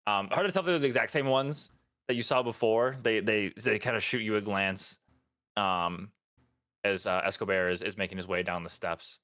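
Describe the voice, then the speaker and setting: A man's voice: on the low side, normal speed, fairly bright tone, no room sound, clean studio sound. A man narrating as game master in a tabletop game, loose and hesitant with many fillers.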